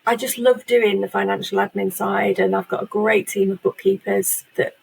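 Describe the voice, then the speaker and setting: Woman, chatty and self-deprecating, gravelly, slightly husky. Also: mid-range voice, fairly even intonation, normal speed, rough recording. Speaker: guest, virtual assistant agency owner. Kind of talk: casual interview chat.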